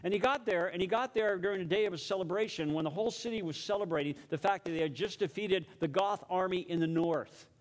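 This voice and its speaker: Storytelling male pastor, slightly high voice. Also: quick pace, few pauses. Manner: dramatic storytelling, drops to a hushed tone for prayer. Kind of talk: sermon.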